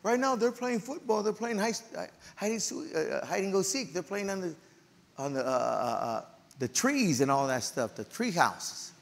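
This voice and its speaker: A middle-aged male pastor delivers a storytelling sermon in a church. His voice sits a little high, with a gravelly rasp. His pitch ranges widely and he often bursts out loudly. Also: normal speed, big-room sound. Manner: emotional, animated storytelling with loud outbursts.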